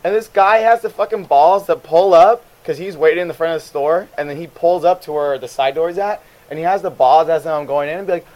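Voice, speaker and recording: A man with a somewhat high voice rants about customers in a loose, profane podcast chat. He swears nonstop and slips into squeaky impressions of the people who annoy him. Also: brisk, hardly any pauses, darkish tone. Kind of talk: profane casual rant.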